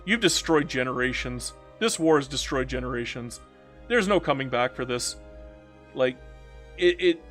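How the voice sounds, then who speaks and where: Blunt, rambling man from Canada. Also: mid-range voice. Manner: blunt, rambling, swings from animated to subdued. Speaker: strategy game streamer. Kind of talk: casual live-stream chat reading viewer comments.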